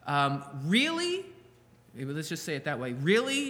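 A man preaching a sermon, slowing down to stress quoted words and asking the listeners rhetorical questions. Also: fairly high pitch, very animated, sharp tone, long reverb tail. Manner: slow, emphatic delivery with rhetorical questions. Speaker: pastor.

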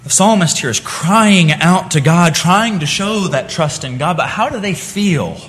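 A man's voice: high voice, lively intonation, normal speed, fairly bright tone, in a large hall. A man preaching a sermon, earnest in tone, rising to impassioned cries when he voices the psalmist's pleas. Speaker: pastor.

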